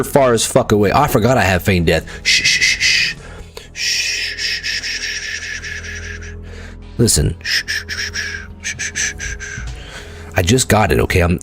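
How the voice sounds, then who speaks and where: Animated cursing gamer man streaming live. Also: medium pitch. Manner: excitable, swears, talks to chat viewers. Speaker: livestreaming gamer. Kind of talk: casual live gameplay commentary.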